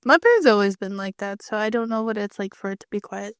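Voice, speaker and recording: A woman's voice: mid-range voice, expressive, quick pace, smooth, no echo. A woman co-hosting a podcast, chatting casually with wry, dry jokes. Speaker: podcast co-host. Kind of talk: casual chat.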